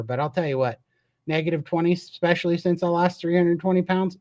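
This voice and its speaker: A man's voice: fairly high pitch, brisk, darkish tone, no room sound. A man from Montana hosting a live Q&A, talking in an earnest and emphatic way. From Montana, USA. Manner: earnest and emphatic, with a storytelling streak. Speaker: host. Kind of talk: live Q&A chat.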